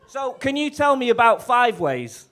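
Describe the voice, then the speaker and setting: High-voiced man joking from stage. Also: very animated, measured pace, fairly bright tone, slight background noise. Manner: jokey, chatty, laughs often, stumbles and restarts. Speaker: bandleader and clarinettist. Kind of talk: stage banter between tunes. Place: live music venue.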